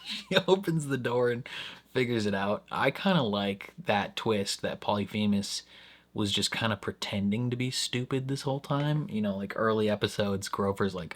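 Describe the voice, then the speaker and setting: A relaxed man talks through his thoughts on an episode in a loose, rambling way. His voice sits a little low. He chuckles often, and on his asides it leaps up higher. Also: moderate pace. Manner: easygoing and rambling, with frequent chuckles and voice jumping up on asides. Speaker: reaction channel host. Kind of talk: casual spoken review.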